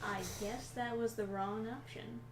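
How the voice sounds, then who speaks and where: A woman's voice: fairly high pitch, steady tone, unhurried. A woman playing a video game and chatting casually, blunt and swearing when the game frustrates her. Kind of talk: casual gameplay chat. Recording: roomy sound with faint hum.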